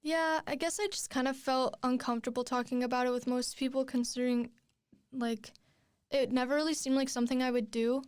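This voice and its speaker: A young woman talks through her story as a podcast guest, rambling and restarting with plenty of fillers. Her voice sits a little high and sounds smooth and clear. The recording is close and dry, with no room sound. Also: fairly even intonation, a little fast, no room sound. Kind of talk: casual chat.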